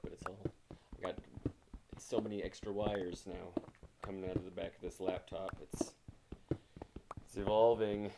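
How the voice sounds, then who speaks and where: Low gravelly man rambling on stream. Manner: rambling, chatty, self-deprecating. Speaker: game streamer. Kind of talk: casual livestream chat while gaming. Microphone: new mic mounted close in front of him. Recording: loud background noise.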